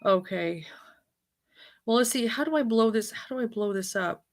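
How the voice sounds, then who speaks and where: A woman's voice: on the high side, normal speed. A woman hosting a casual livestream, talking bluntly and profanely in a rambling way, often restarting her sentences. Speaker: intuitive reader hosting a livestream. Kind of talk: casual unscripted livestream chat.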